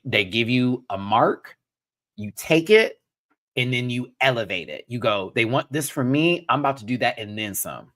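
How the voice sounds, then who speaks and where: A man hosts a live reaction stream and talks straight to his chat. His voice swoops up and down a lot, and he keeps laughing and cutting in with quick asides. His pitch sits in the middle for a man. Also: no echo, clean studio sound. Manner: animated, laughs often, breaks into bits and quick asides. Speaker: host reviewing a reality show live.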